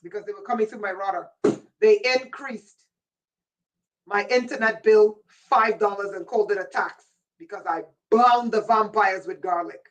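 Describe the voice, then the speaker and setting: A woman's voice: medium pitch, moderate pace, distant mic, low-quality recording. A woman hosting a livestream, delivering a rambling, intense monologue in a warning tone and answering viewers' chat comments by name. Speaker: livestream host.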